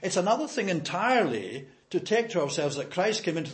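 A man preaching a sermon in a measured, emphatic way, with frequent hesitations and filler sounds. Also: high-pitched, sing-song.

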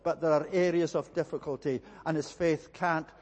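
This sermon comes from a man whose slightly high, somewhat mellow voice keeps fairly even intonation at a moderate pace. He repeats points earnestly and emphatically to the congregation, and his words echo with long reverb like in a church hall.

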